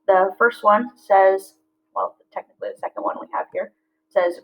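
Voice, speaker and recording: A woman teaches a lesson in a mid-pitched voice. She reads slowly and clearly and breaks words into syllables. The audio is a little dull and lo-fi. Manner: slow, clear syllable-by-syllable reading. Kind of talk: classroom lesson.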